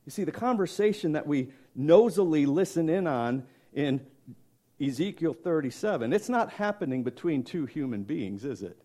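A man's voice: fairly high pitch, sing-song, normal speed, mellow. A man preaching a sermon, telling a story dramatically and emphatically, asking questions of his congregation. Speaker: pastor.

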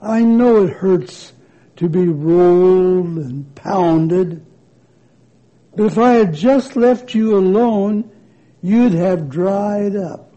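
An older-sounding man playing a patient male potter who explains gently and calmly, his voice lowered and softened. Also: very slow, lo-fi sound. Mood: reassuring. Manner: soft, calm, reassuring.

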